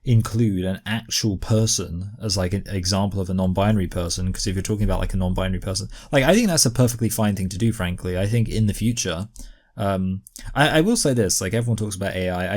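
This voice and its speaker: Guy reacting to videos, lowish voice, lots of likes and ums, rambly and annoyed. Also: a little fast, a little mellow. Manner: rambling, filler-heavy, exasperated. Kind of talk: casual reaction commentary.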